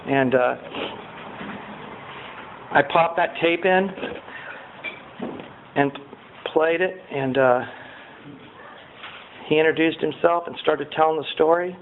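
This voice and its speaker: A man giving a personal testimony at a recovery meeting. He tells his story in an animated way, swinging from loud excitement to quiet earnestness. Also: a little high, takes it slowly, long pauses. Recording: tinny lo-fi recording with faint hiss.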